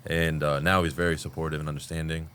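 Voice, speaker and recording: A man's voice: very deep voice, level tone, fast, fairly bright tone, slight background noise. A man in his thirties, a guest candidly telling his recovery story in a rambling way, full of fillers. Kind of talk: candid podcast conversation.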